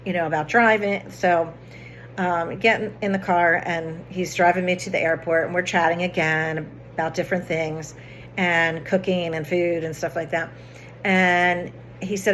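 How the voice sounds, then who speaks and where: A woman's voice: low voice, flat delivery, normal speed, a bit bright, a little hiss or hum. Chatty woman telling a travel story. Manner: chatty, rambling, many restarts and fillers. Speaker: vlogger. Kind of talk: casual storytelling to camera.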